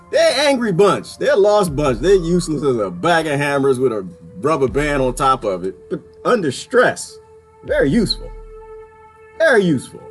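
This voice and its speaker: A man ranting in a casual vlog, swinging from loud outbursts to quiet mutters and laughing often, with folksy talk. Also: medium pitch. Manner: folksy, uses "y'all". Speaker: vlogger. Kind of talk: ranting monologue.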